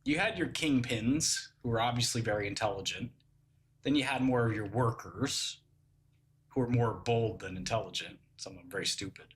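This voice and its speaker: A man's voice: lowish voice, moderate pace. A man casually telling prison anecdotes, acting out quotes and laughing at his own jokes. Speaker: podcast host telling prison stories.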